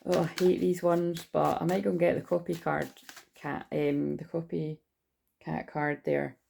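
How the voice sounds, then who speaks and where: Brief: gravelly-voiced woman, tarot reader, loose and rambling delivery, faint hiss underneath. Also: sits low, little pitch movement, measured pace, a little mellow. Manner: rambling, swears freely, lists card meanings. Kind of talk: casual spoken tarot reading.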